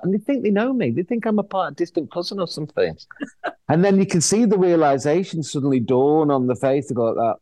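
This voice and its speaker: In a fairly high voice on a dry recording, a middle-aged actor guest talks fast, spinning anecdotes in casual conversation. He performs the voices of those he quotes, restarting frequently as he animatedly tells his stories.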